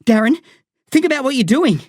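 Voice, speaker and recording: A man's voice: extremely high pitch, very animated, normal speed, no echo, studio quality, pitched above the performer's own voice, heavily acted. A man voicing a frightened schoolboy who stammers and pleads in panic. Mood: panicked pleading. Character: frightened schoolboy narrator's younger self, pleading.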